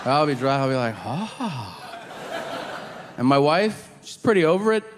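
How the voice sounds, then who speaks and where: A male comedian works the room with a lively, swooping delivery, breaking into shrill shouted voices for his characters. The sound rings with long hall reverb over a faint murmur of ambience. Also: fast, background noise. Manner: animated, acts out characters in loud high voices. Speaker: stand-up comedian. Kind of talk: stand-up set.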